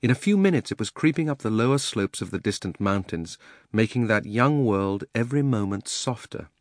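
A man narrating a children's fantasy audiobook in a measured, expressive storytelling manner. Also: on the low side, no room sound, clean studio sound. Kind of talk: audiobook reading.

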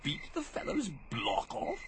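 An actor playing a drunk, flippant upper-class gentleman who slurs and mocks. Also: unhurried, a little hiss or hum, lightly acted. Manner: slurred and mocking.

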